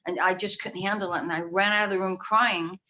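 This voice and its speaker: A woman from New York talks as a clairvoyant guest, circling through her thoughts and often trailing off and restarting. Her voice sits at an ordinary middle pitch for a woman. It reaches the listener as muffled, lo-fi video call audio. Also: fairly even intonation, fairly quick, bright, forceful tone. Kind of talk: casual interview chat.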